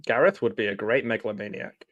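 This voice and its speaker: A man's voice: lowish voice, quick pace, a bit bright, dry recording, dull audio. A man chatting on a video call during a film, making dry, teasing wisecracks. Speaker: co-host on a watch party. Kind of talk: casual chat over a film.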